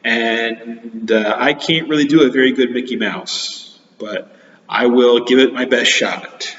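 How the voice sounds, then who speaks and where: A man teaching children, reading a storybook aloud in a playful, chatty and expressive way. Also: medium pitch, unhurried, slight background noise. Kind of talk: storybook read-aloud for kids. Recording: echoey hall, dull lo-fi sound.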